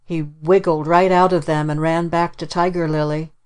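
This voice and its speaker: A woman narrating a children's storybook in a measured way. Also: sits low, flat delivery, darkish tone, clean tone. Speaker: audiobook narrator. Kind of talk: scripted narration.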